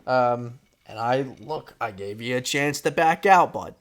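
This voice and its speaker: A man's voice: mid-range voice, animated, measured pace, fairly bright tone. A man co-hosting a comedy podcast, telling a story in casual chat and teasingly reading out quoted lines. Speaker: podcast co-host. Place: podcast studio.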